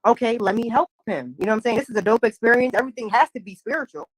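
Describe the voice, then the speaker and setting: A woman's voice: fairly high pitch, racing, slightly rough, no echo, rough recording. Woman telling a story in slang, dry. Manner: animated storytelling with slang and quoted dialogue. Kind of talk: casual spiritual chat.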